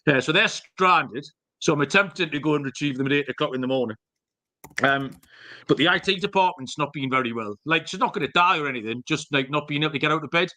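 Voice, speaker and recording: A man's voice: fairly high pitch, quick pace, sharp tone. A man co-hosting a podcast, telling jokey, rambling stories with the odd swear word. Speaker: podcast co-host. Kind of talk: casual chat.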